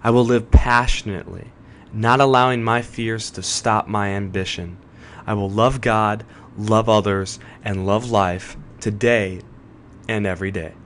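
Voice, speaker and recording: A man hosting a podcast who closes the episode by reciting a commission in a measured, solemn way. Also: lowish voice, fairly even intonation, fairly bright tone, slight background noise. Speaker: podcast host.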